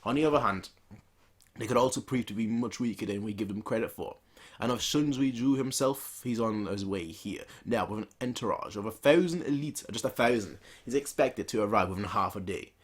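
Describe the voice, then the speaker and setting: A man's voice: lowish voice, fairly quick, breathy edge. A man hosting a manga reaction, reading the pages aloud with casual, playful asides.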